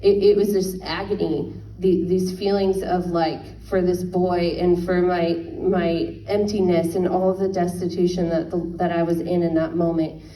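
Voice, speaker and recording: Woman, 30s, worship leader, faith testimony, earnest, halting, distant mic. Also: lowish voice, level tone, mellow, roomy sound, a little hiss or hum. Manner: earnest, halting, many restarts.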